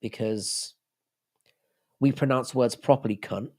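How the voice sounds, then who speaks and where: A man's voice: mid-range voice, measured pace, a little mellow. A man hosting a livestream, rambling, swearing and joking with his chat. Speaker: livestream host.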